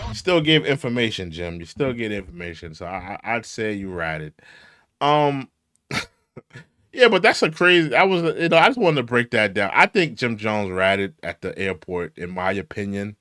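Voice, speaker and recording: A man hosting a commentary show, giving opinions in a mocking, animated way and repeating lines for emphasis. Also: fairly low pitch, moderate pace, no room sound, studio quality. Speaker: host.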